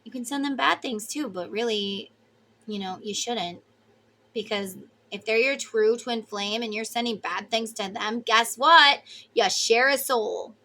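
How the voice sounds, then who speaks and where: A woman's voice: fairly high pitch, a little slow, bright, forceful tone. A woman giving a casual tarot reading to her viewers, emotive and chatty, with the odd swear word. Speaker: tarot reader.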